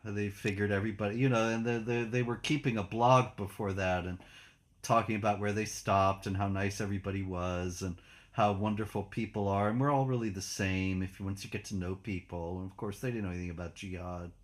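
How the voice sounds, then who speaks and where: Lower-voiced male show host. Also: steady tone, a little fast. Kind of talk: casual political discussion.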